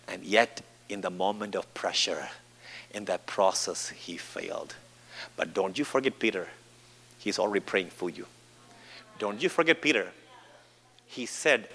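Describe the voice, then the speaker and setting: A man preaching a sermon at a live church service, impassioned and rising to shouts. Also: lowish voice, lively intonation, unhurried, long pauses, slight background noise. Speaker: pastor.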